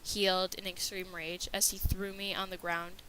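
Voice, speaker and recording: A woman's voice: lowish voice, flat delivery, moderate pace, bright, forceful tone, a little hiss or hum, low-quality recording. A woman narrating a scripted horror story with a dramatic reading manner.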